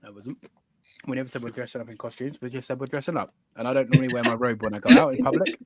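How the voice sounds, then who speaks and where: A man's voice: mid-range voice, expressive, racing. A man co-hosting a casual podcast chat, boastful and playfully indignant, swearing a lot. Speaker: podcast co-host.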